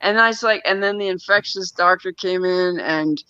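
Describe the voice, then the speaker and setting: Bright, tense-voiced man telling a rambling story. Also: high voice, moderate pace, clear, resonant tone, no echo. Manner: rambling, with frequent restarts and nervous laughs. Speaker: guest telling a personal story. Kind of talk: casual conversational storytelling. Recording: dull, lo-fi sound.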